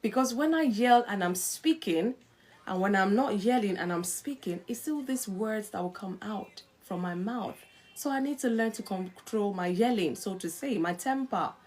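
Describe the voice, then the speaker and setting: A middle-aged woman hosting a live-stream talk on marriage, coaching listeners in an earnest, animated way. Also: mid-range voice, normal speed. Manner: animated, acts out quarrelling spouses in quotes. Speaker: host.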